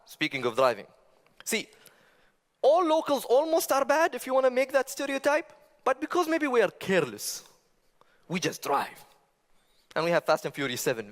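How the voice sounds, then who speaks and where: A man giving a stage talk with stand-up humor, talking conversationally, asking the audience rhetorical questions and making animated asides. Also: medium pitch. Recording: long reverb of a large hall.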